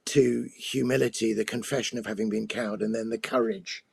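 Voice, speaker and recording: A man, a poet and priest, explaining poetry in thoughtful conversation and reading a poem slowly. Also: medium pitch, very animated, vocal fry, slightly rough, dry recording.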